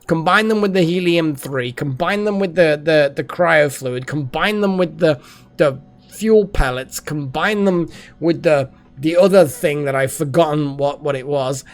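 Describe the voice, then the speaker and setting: A man commentating a gameplay session as the channel host, rambling and excitable, often muttering to himself. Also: fairly high pitch, a little slow. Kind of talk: let's play commentary.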